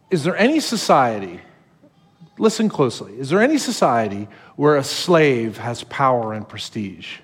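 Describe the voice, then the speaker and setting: Animated preaching man in a reverberant hall. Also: medium pitch, normal speed, husky. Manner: animated, acts out quoted voices. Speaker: pastor. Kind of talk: sermon.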